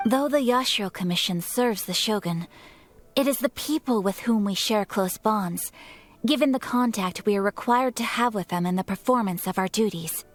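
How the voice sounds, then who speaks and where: An actress voicing a young noblewoman in a video game, speaking in a polite, measured and formal way. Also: mid-range voice, faint music behind, close to an everyday voice. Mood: earnest. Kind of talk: game voice acting.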